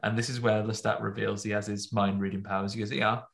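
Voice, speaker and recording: A man casually recapping a film with friends, jokey, slipping into quick voices for the characters. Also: lowish voice, level tone, gravelly, crowd noise. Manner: jokey, acts out lines in quick put-on voices. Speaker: podcast co-host recapping a film. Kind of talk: casual chat.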